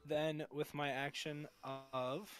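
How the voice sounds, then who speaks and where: A man's voice: a little high, level tone, slow, a bit bright, soft background music. A young man playing a tabletop game, cocky and joking with the others. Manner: cocky, jokey. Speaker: player.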